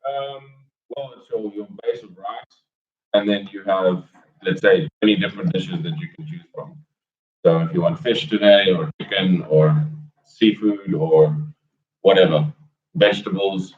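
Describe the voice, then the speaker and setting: Brief: low male guest voice, laid-back, heard off-mic in a roomy space. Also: a little slow. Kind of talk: casual chat. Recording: roomy, distant, dull lo-fi.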